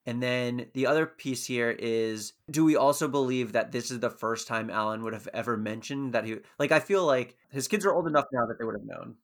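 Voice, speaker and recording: A man's voice: mid-range voice, brisk, hardly any pauses. Man, podcast co-host, mid-range voice, thoughtful, analytical, filler-heavy casual chat. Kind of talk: casual chat recapping a TV show.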